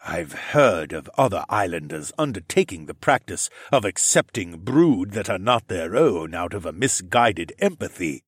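Audiobook creature role: cold, formal dino-man with a husky low voice, put on by a male narrator. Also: very animated, moderate pace, few pauses, dry recording, studio quality, full character voice. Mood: measured. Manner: stiff, formal diction. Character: formal, aloof male dinosaur-man, stiff and measured.

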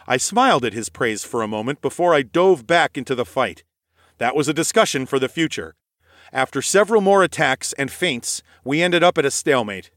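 A male narrator reads a first-person story in an expressive, scripted style. His pitch moves in a lively way, and the recording is dry and close with no room sound. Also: brisk, dry recording. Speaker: audiobook narrator.

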